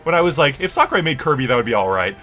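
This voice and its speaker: A man streaming a live reaction, excitable and emotional, swinging from muttered guesses to shrieking and crying with joy. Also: mid-range voice, racing, soft background music.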